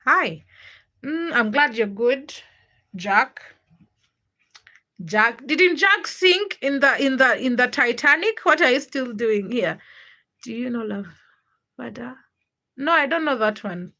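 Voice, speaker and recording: A woman's voice: a little high, animated, slow, long pauses, sharp tone. A young woman with a Ugandan English accent, hosting a casual livestream and greeting viewers by name as she reads the chat. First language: a Ugandan language. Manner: greets viewers by name one after another, chatty. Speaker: livestream host.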